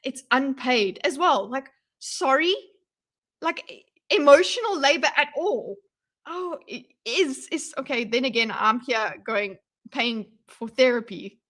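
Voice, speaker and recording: Bright, excitable woman streamer. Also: high voice, measured pace. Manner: excitable, rambling, bursts into yelling. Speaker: reaction streamer. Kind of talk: live reaction commentary.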